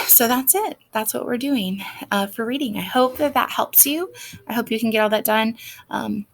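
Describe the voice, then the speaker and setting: A woman's voice: a little high, normal speed, fairly bright tone. Woman, teacher, patient step-by-step explaining, fillers, faint hiss behind. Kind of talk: recorded lesson instructions for a student.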